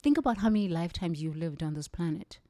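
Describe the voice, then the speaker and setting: Woman, South African accent, Zulu native speaker, middle-aged, impassioned motivational talk, emphatic and repetitive, lowish voice, dry close sound. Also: lively intonation, fast talker, warm tone, no room sound. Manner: intense, emphatic, repeats phrases for weight. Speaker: livestream speaker.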